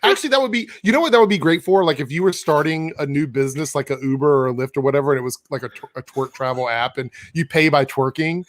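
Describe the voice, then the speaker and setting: A man's voice: a little high, fast, hardly any pauses, dry recording, studio quality. A man co-hosting a casual live stream, laughing often and reading viewer messages aloud. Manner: laughs often, reads super chats aloud. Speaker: co-host of a fan show.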